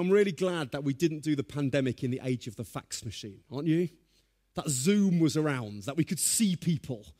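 A man preaching a sermon, telling stories in a lively, humorous way. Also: fairly high pitch.

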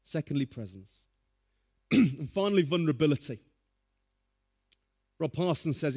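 A man preaching a sermon, telling stories in a lively, humorous way. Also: a little high, unhurried, pauses often, slightly rough.

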